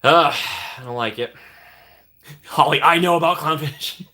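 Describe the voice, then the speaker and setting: A man's voice: on the high side, expressive, normal speed, pauses often, pushed and bright. A young man casually chatting on a live stream, reading and answering viewer comments with playful teasing.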